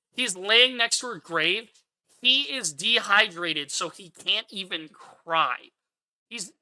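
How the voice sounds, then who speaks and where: A man's voice: high voice, bright, forceful tone. A man hosting his own channel, giving a profane, exasperated rant of movie commentary. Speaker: channel host.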